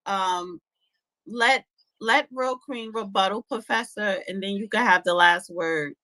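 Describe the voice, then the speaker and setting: A woman moderating an online audio room, briskly handing out turns to speak. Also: mid-range voice, sharp tone, rough recording. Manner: brisk, directs speakers by turn.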